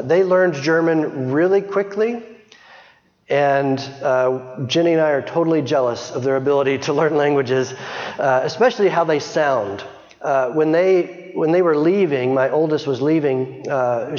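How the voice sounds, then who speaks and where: A man's voice: on the high side, normal speed, darkish tone. A middle-aged man giving an informal missionary report to a church, chatty, with frequent restarts. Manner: chatty, many restarts and small laughs. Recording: dull sound, long hall reverb.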